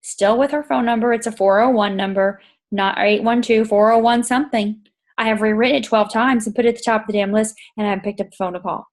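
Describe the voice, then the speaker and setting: A middle-aged woman with a fairly high voice gives a casual pep talk to her marketing team. She is animated and blunt, swearing freely. She keeps slipping into lively acted-out exchanges with the people she coaches. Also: fast talker. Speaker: network marketing team leader.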